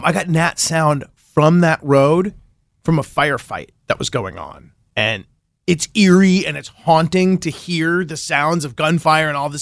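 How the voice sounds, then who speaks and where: On a radio show, a man who hosts a podcast and works as a reporter chats casually, his fairly high voice recorded with clean studio sound and no room sound. He's an enthusiastic storyteller who laughs a lot.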